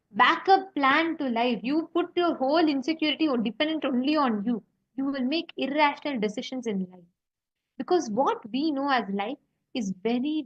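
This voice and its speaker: Woman, spiritual teacher; earnest storytelling, high voice, dull recording. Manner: earnest storytelling, repeats words for emphasis.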